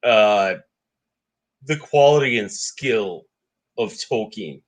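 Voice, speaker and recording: Unhurried man, trips on his own words, casual co-host of a book discussion. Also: on the low side, expressive. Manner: stammering, repeats words while getting started. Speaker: podcast co-host.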